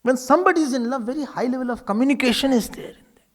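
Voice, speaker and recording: A male spiritual teacher gives a spiritual discourse. He tells stories in a lively, humorous way and acts out dialogues. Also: very high voice, racing. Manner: animated storytelling, acting out dialogues with humor.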